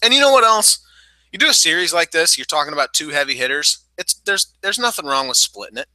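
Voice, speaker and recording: Brash, bright-voiced man on a podcast. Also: a little high, lively intonation, fast talker, no room sound, rough recording. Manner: blunt, profane, teasing. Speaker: podcast co-host. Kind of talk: casual chat.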